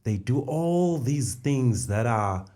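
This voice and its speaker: This middle-aged podcast co-host talks about faith conversationally, explaining things in steps and repeating key phrases. His medium-pitched voice is mellow and lively in intonation, and he goes slowly.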